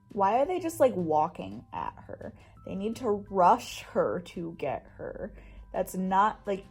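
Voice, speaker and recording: A woman's voice: mid-range voice, darkish tone. A young woman vlogging her reaction to a film, talking casually, exclaiming and asking questions aloud as she watches.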